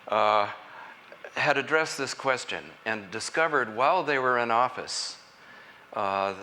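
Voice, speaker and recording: A man addresses a conference audience in a college hall. His voice is bright and clear, with a faint hiss of room noise behind it. He speaks earnestly and deliberately, leaning on key phrases. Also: on the low side. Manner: earnest and deliberate, with measured emphasis. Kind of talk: public lecture.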